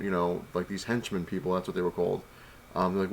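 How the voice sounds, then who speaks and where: A man's voice: sits low, steady tone, very fast. A man casually telling a long story to camera, rambling and retelling conversations with lots of "I was like", sounding annoyed as he complains. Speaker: vlogger.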